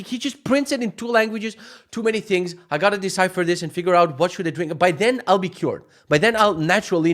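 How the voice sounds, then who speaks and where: A young man telling a story in a casual vlog, animated and profane, acting out what others said in shifting voices. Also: sits high. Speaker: vlogger.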